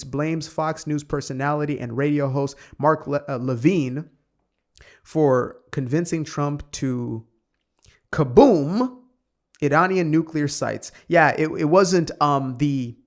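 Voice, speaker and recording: A man reading an article aloud and commenting on it with sarcastic asides. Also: fairly high pitch. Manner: sarcastic asides, quick offhand remarks. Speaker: online commentator.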